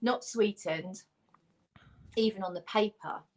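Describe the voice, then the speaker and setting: A woman's voice: medium pitch, slow pace. A woman from Britain, a guest on a livestream, chatting casually and enthusiastically about fragrances. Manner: chatty, gushing about scents. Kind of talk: casual chat.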